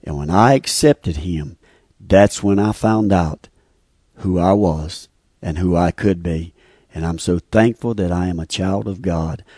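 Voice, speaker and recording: A man's voice: low-pitched, a little slow, dark tone, no room sound, studio quality. A man giving an earnest, heartfelt personal religious testimony, often repeating his phrases. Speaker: speaker giving a faith testimony. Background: faint guitar music.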